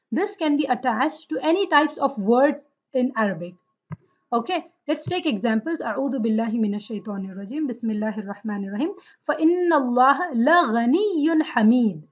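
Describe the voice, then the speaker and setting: A woman teaching a Quranic Arabic grammar lesson, explaining step by step and checking in with her students. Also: sits high. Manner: explains step by step, asks questions. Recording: dull lo-fi sound.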